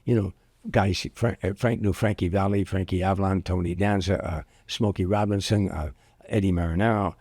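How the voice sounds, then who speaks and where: An older man, a comedian guest, telling anecdotes in an interview with lively restarts. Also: deep voice, moderate pace, husky, dry recording, clean studio sound. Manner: anecdotal, animated with repeated restarts. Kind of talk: storytelling interview.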